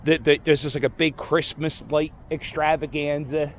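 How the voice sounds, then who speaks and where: A man from around Philadelphia vlogs a walking tour on a city street, offhand and rambling, often fixing what he just said. He speaks at normal speed in a slightly high voice with little pitch movement. Faint outdoor street noise sits behind him.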